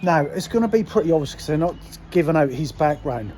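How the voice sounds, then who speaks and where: A middle-aged English political commentary vlogger delivers a casual ranting monologue in a warm, fairly high voice with lively intonation and a brisk pace. He is blunt, sweary, and indignant, firing rhetorical questions at his viewers over a slight hiss or hum.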